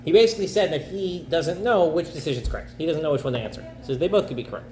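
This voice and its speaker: A man's voice: a little high, very fast, warm tone. A male rabbi telling a story as a casual, chatty lesson, with slang and frequent "okay?". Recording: echoey room, faint background noise.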